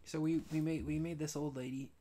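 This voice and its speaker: Rambling man who keeps clearing his throat. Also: on the high side, steady tone, brisk, mellow. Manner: hesitant, many restarts and frequent throat clearing. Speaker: animation live streamer. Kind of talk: rambling casual anecdote.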